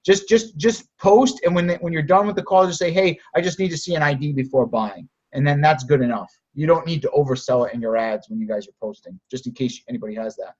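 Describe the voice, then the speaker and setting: A man's voice: on the high side, fast talker, hardly any pauses, a little mellow, husky. A man coaching sellers on a group call, direct and encouraging, often restarting his sentences. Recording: muffled lo-fi audio.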